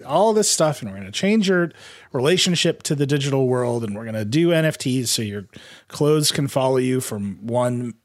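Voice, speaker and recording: A man's voice: mid-range voice, normal speed, no room sound. Man, podcast co-host, casual panel chat, rambling, sarcastic. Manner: animated, rambling, sarcastic with lots of "like".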